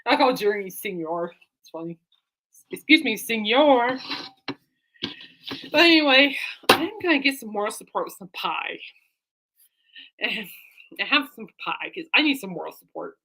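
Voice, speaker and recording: Woman vlogger, bright forward voice, loose rambling heartfelt chat to camera. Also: lowish voice. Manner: rambling and heartfelt, talks aside to her dog. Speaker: vlogger and fan.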